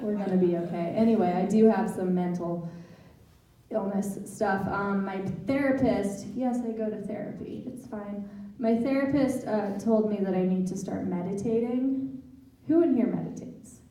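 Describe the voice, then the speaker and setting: A woman's voice: medium pitch, normal speed, warm tone. A woman doing a stand-up set, with awkward, self-deprecating humor and nervous laughs. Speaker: guest stand-up comic. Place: library event room with live audience. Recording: echoey room miked from far off, faint noise.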